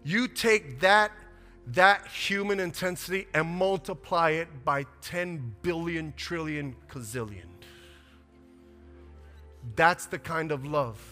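A pastor delivers his sermon in a high, bright, forceful voice, moving between quiet confessional storytelling and loud, impassioned preaching. His words ring out with the long reverb of a large hall, and soft music plays faintly beneath.

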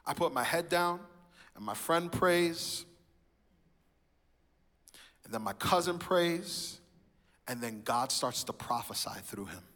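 A man stands in a church and gives his personal testimony in sermon style. He tells the story with animation, slipping into the voices of the people he quotes. His voice is bright and forward, and it rings with the long reverb of a large hall. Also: a little high, lively intonation, takes it slowly, pauses often. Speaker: speaker sharing his testimony.

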